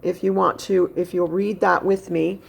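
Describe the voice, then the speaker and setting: A woman teaching phonics to a child at home in a patient, step-by-step way. Her voice sits fairly low and has a gravelly edge. She repeats the main points slowly so they sink in. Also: level tone. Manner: speaks directly to a child at home. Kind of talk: recorded phonics lesson for young pupils.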